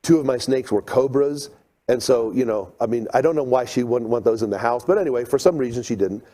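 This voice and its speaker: A middle-aged man giving a seminar talk, telling stories with lively acted-out moments. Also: medium pitch, fairly quick. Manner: animated storyteller, acts out scenes. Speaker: creation seminar speaker.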